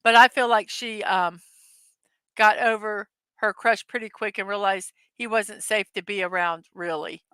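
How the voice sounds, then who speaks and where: Bright-voiced chatty woman hosting a livestream. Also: mid-range voice, fairly even intonation, unhurried, clean tone, dry recording. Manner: chatty, giggly, reads viewer comments aloud. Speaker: livestream host. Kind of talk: casual live-stream chat.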